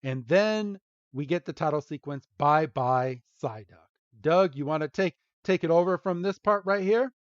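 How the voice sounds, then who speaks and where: A man's voice: on the high side, moderate pace, no echo. A man hosting a podcast, recapping a cartoon episode in a loose, rambling way and chuckling often. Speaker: podcast host. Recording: dull lo-fi dry sound.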